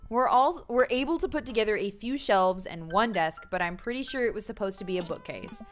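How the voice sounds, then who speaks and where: A woman's voice: mid-range voice, animated, a little fast, few pauses, faint music behind. A woman streamer reading a game's dialogue aloud in a playful way, commenting as she goes. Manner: playful, reads every character in funny voices. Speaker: streamer playing a dating game.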